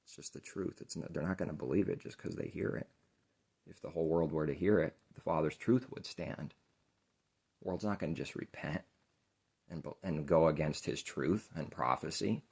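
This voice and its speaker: A man preaching an informal sermon, rambling and earnest, often trailing off quietly. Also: low-pitched, normal speed, creaky, slightly rough.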